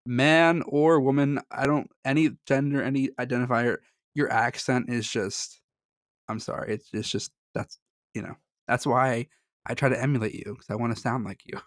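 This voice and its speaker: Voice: medium pitch, steady tone, moderate pace, dry recording, clean studio sound. Rambling, laughing podcast co-host. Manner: rambling, self-interrupting, laughs often. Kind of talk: casual chat.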